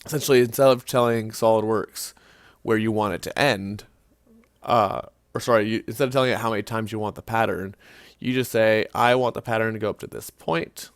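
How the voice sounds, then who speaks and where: A man with a low, slightly gravelly voice walks through a design-software tutorial in a casual, think-aloud way. The sound is dry and close, and keyboard clicks come through now and then. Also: steady tone, brisk, dry recording. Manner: casual, thinking aloud with fillers and self-corrections. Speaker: CAD tutorial instructor. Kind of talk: screen-recorded software walkthrough.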